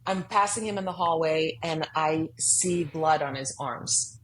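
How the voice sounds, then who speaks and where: An earnest woman guest in a podcast studio, telling her story with emphasis. Her voice sits on the low side for a woman, and she acts out her own anxious inner voices. A faint noise hums under the recording. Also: a little slow, fairly bright tone, poor audio. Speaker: guest author.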